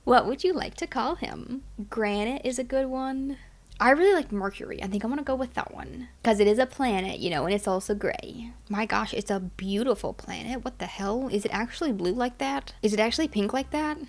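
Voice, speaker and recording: A woman's voice: fairly high pitch, a little fast. Chatty young woman narrating gameplay. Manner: chatty, excitable, talks to her game characters. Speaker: gaming channel host. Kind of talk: casual gameplay commentary.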